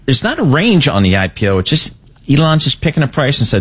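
A man co-hosting, chatting casually on air in a relaxed, agreeable way with plenty of fillers. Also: mid-range voice, fast talker, slightly rough. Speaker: co-host.

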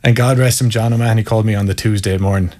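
Speaking rapid-fire in a fairly low, steady, darkish voice, a County Mayo man with an Irish accent recounts candid stories that poke fun at himself. He's a guest and former Gaelic footballer, reflecting openly as the conversation goes on.

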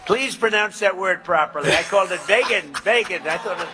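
A man's voice: high voice, a little fast. A male politician telling a loose, joking story on stage to a crowd.

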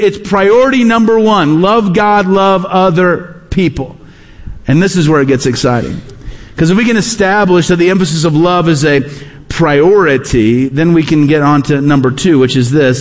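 A man preaching a sermon as a pastor, emphatic and repeating key phrases, often dropping low at the ends of phrases. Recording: long reverb of a large hall.

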